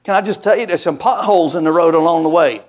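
A man's voice: fairly high pitch, quick pace. A male pastor preaching a sermon, speaking to his congregation and calling for responses. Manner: preaching with call-and-response asides.

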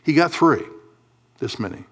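A man preaching a sermon in a church, swinging between low, quiet asides and loud, emphatic high peaks. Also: big pitch swings, normal speed. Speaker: pastor.

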